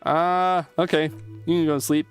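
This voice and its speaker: A man's voice: on the high side, little pitch movement, moderate pace, smooth, dry recording, faint music behind. A young man streaming a game, reading the dialogue aloud and joking between lines. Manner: reads text aloud, jokes and comments between lines.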